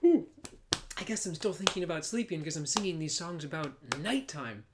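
A man's voice: a little high, expressive, a little fast, very noisy. Playful male preschool music teacher. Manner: playful, apologetic, laughs often, drops to soft whispers. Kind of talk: live-streamed kids' music and movement class.

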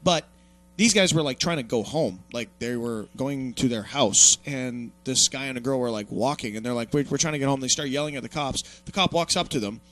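A man's voice: mid-range voice, moderate pace, faint music behind. A young man hosting an online talk show, swearing and mocking as he rants about politics. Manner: swearing, mocking, animated ranting. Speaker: podcast host. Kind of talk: profane political rant.

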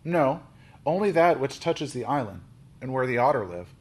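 A man's voice: mid-range voice, big pitch swings, moderate pace, breathy edge. A man voicing a proud, firm island chief in a storybook, speaking in a slightly raised voice.

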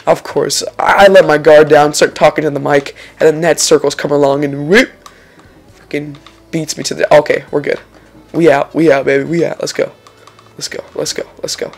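A young man giving casual, excitable let's-play commentary over a racing game, swearing and exclaiming when he makes mistakes. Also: on the high side, vocal fry, slightly rough. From Lithuania. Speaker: gaming channel host.

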